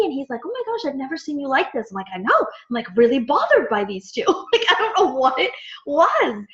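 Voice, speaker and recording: Chatty woman coach telling stories, bit high voice, echoey muffled room. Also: brisk. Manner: chatty, animated, lots of "like" and quoted dialogue. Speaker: fitness coach training her team. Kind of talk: casual storytelling talk to a team. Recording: echoey, dull lo-fi room sound.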